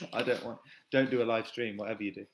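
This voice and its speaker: A man's voice: on the low side, very noisy. A man chatting casually on a live stream, reading viewer comments aloud and joking back. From England.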